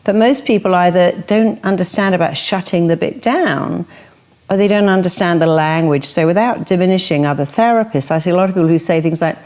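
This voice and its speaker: Middle-aged woman therapist, interview guest; emphatic, slightly low voice, slips into quoted voices. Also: fairly quick. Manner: animated, acts out quoted voices and inner thoughts; emphatic, stresses strong words. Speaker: psychotherapist. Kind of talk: interview conversation.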